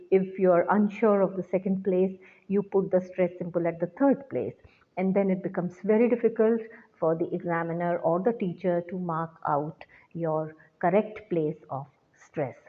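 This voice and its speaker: A woman teacher giving a recorded lecture, explaining slowly and deliberately to students. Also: on the low side. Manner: slow, deliberate classroom explanation. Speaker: English teacher. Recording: tinny phone-like sound.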